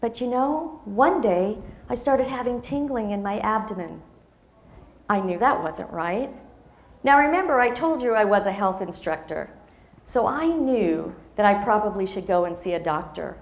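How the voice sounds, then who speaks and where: A woman's voice: mid-range voice, lively intonation, normal speed, reverberant. A woman in her fifties giving a motivational speech to an audience, telling a personal story expressively and acting out the dialogue. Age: 50s. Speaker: motivational speaker.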